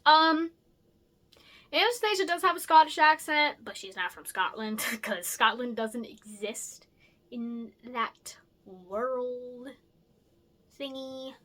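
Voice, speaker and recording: Young woman rambling casually, bright higher voice, lots of ums and restarts. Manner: rambling, chatty, many fillers and self-corrections; lively and animated, jumps up in pitch and loudness. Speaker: creator presenting her original characters. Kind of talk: casual chat.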